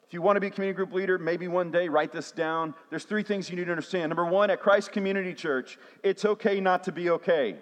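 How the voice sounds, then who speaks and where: A man's voice: high voice, quick pace, hardly any pauses. A man, a pastor preaching a sermon with call-and-response refrains. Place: church sanctuary. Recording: long hall reverb.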